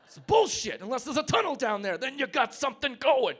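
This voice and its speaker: A man doing a stand-up comedy argument on a pub stage, brash and mock-tough, swinging between loud rants and mock-tearful asides. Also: very high-pitched, expressive, quick pace. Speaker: comedy debater. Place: pub stage before a live audience.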